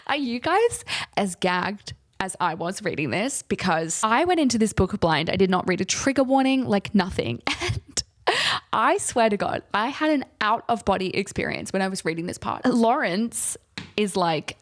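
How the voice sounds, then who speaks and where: A woman's voice: medium pitch, very animated, normal speed, no echo. A young woman vlogger giving a casual, sarcastic book recap, swearing and laughing often.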